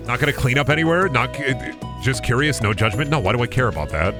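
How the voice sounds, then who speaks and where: Crude, animated male gaming streamer. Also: medium pitch, quick pace, few pauses. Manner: crude, rambling, mock-dramatic. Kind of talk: casual gameplay commentary. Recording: game music behind.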